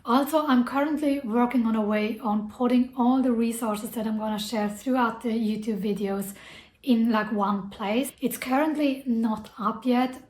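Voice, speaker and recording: A woman's voice: on the high side, darkish tone. A woman talking earnestly and reflectively to camera about personal growth, using a lot of casual "like" fillers. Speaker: self-development vlogger. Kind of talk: personal advice talk to camera. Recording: echoey room.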